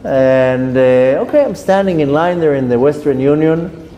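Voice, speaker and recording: A man telling a personal story, animated and acting out the dialogue in different voices. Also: fairly high pitch, normal speed. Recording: echoey hall with faint noise.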